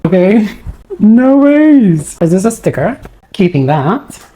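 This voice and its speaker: A woman vlogging an unboxing, gushing and awestruck, shaky with excitement and keeps losing her words. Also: mid-range voice, slow.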